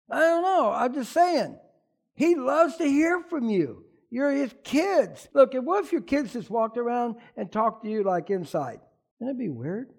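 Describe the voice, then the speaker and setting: A man preaching a sermon as pastor, animated, often asking the congregation questions. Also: extremely high pitch, measured pace.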